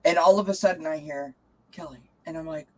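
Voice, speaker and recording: A woman's voice: low voice, fast talker, poor audio. A chatty woman hosting a live tarot reading stream, greeting viewers, laughing often and cooing to her cat. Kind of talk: casual live-stream chat.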